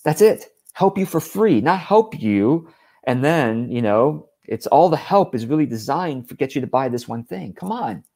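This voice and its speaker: A man's voice: on the high side, a little mellow. A man giving a direct-to-camera business talk in a blunt, exasperated, emphatic manner. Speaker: business coach.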